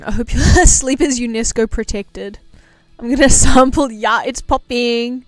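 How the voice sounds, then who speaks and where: A young woman chats on her livestream in an unhurried, playful way, slightly high-voiced and giggly. She often drops into quiet, mumbled asides. Her voice sounds dry and close, with faint music underneath. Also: dry recording. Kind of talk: casual stream chat.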